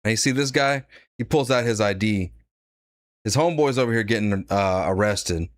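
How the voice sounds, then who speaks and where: A man's voice: on the low side, moderate pace, no echo. A man giving blunt, sarcastic live-stream commentary, reading out donations and laughing at his own jokes. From United States.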